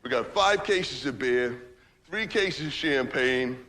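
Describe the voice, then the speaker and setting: A man's voice: mid-range voice, lively intonation, slow, bright, forceful tone, full character voice. An actor playing a crude, stoned party guy who rambles through a dirty story, tagging lines with "man" and "right". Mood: rambling. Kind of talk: stage monologue.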